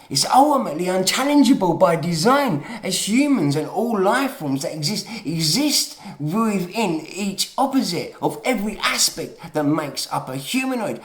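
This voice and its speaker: A man delivering a rambling monologue to his YouTube audience. He swears, trails off into quiet mutters, then surges into emphatic outbursts. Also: a little high. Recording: roomy, echoey room sound.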